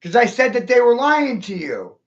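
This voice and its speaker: A man's voice: very high-pitched, very animated, moderate pace, lo-fi sound. A man ranting angrily and profanely on a live stream, agitated and upset. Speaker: livestreamer. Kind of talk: angry live-stream rant.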